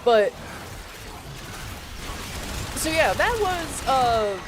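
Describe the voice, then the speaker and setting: A woman streamer casually telling a story, animated and profane, with quick asides. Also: high-pitched, noisy background.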